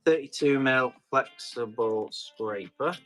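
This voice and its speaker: A man's voice: medium pitch, slow, fairly bright tone, faint music behind. A man hosting a live tool auction, chatting and laughing between items. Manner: chatty, laughs often, tries out accents. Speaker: auction host.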